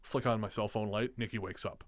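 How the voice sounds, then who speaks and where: A man's voice: lowish voice, fairly even intonation, fairly quick. A man co-hosting a podcast, telling stories in casual chat with dry jokes. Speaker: podcast co-host.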